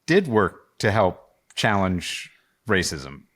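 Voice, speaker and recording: A man's voice: low voice, big pitch swings, slow pace, a bit bright. A man co-hosting a casual political podcast, opinionated and lecturing, swearing freely. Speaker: podcast co-host.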